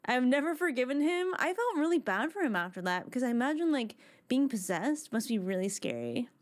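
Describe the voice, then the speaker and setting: A woman chatting on a casual live stream, excitable and rambling, with lots of "like" fillers. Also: high-pitched, a little fast.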